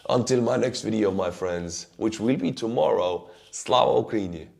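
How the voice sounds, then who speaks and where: A man with an Estonian accent, his voice hoarse and worn. He sits a little low in pitch and talks earnestly through a news update, calling his viewers his friends. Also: normal speed, darkish tone. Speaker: war update host. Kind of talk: news commentary.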